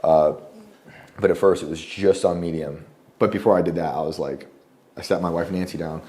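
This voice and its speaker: A man guest telling a story in casual conversation at a home lunch table, rambling with many fillers and often clearing his throat. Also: sits low, steady tone, moderate pace, warm tone. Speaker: guest journalist.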